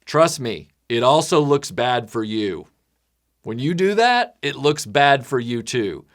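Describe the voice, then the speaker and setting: Man, casual monologue, lively pitch, rambling, restarts often, mid pitch. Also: takes it slowly. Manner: animated, rambling storytelling with restarts. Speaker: creator addressing patrons.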